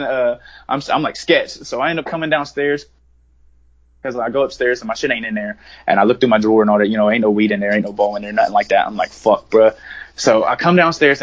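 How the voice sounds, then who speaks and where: Slangy, profane young man telling a story. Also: mid-range voice. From West Virginia. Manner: slangy, profane, rambling with many fillers. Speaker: guest, rapper. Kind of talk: casual storytelling in an interview. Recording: dull lo-fi podcast recording.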